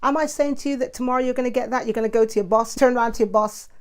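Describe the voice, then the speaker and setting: A woman's voice: fairly high pitch, very fast. A middle-aged woman, talking casually and animatedly in her own monologue, self-described as the mouthy one. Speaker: host.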